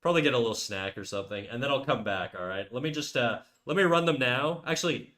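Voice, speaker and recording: A young man talking into a desk microphone at home during a live stream. He rambles, restarts his sentences and jokes crudely with his chat, at a middle pitch. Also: animated, fast, a bit bright. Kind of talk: casual livestream chat. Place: home room.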